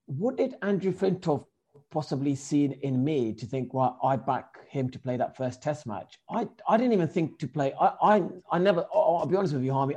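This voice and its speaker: Halting, mellow-voiced man. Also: medium pitch, breathy edge. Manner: halting, many restarts and fillers. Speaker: former cricketer, podcast guest. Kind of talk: casual chat.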